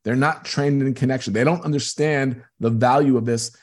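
A man with a husky, slightly rough voice speaks as an interview guest. He tells his stories earnestly and with emphasis, at a middle pitch. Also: fairly even intonation, moderate pace. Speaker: interview guest, business coach. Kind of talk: conversational interview.

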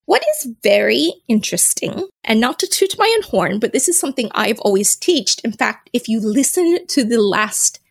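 Her voice is on the high side, sing-song, gravelly and edged with breath, moving at a moderate pace with hardly any pauses. She hosts a solo podcast, chatting casually, poking fun at herself and laughing at herself.

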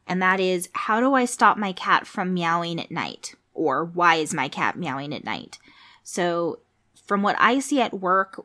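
A woman who works at a cat hospital hosts a casual, informational podcast, chatting informally through pet questions in a lowish voice with a fairly bright tone. She's chatty and explanatory, sprinkling in fillers and asides.

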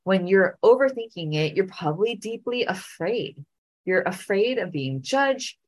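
A middle-aged woman hosting a podcast, telling a story and giving speaking advice in an animated way, often repeating phrases. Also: medium pitch, a little slow. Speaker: podcast host and speaking coach.

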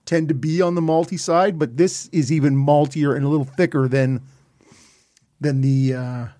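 A man's voice: a little high, steady tone, normal speed, dark tone, no room sound, studio quality. A man co-hosting a casual beer podcast, wry and joking, poking fun at himself. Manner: wry, joking, self-deprecating. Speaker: podcast co-host. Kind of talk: casual beer-tasting chat.

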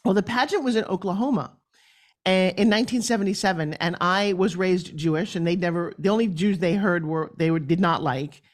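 A woman's voice: lowish voice, brisk. A woman from New York with a New York accent, a podcast guest telling her life story in a blunt, emphatic way. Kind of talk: candid interview storytelling.

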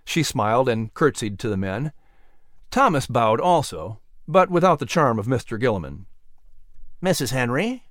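Expressive male storyteller, dry close sound. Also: medium pitch, moderate pace, no room sound. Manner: expressive, lively. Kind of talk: scripted narration.

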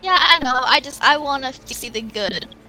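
A woman player speaks in an earnest, friendly way at a tabletop game. Her voice is high and bright, with faint music behind her. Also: expressive, normal speed, low-quality recording. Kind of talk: tabletop game role-play.

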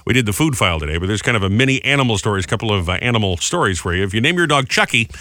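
Brief: quick-talking male radio host, bright tone, dry close mic, upbeat and jokey. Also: on the low side, lively intonation, dry recording. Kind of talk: morning radio chat.

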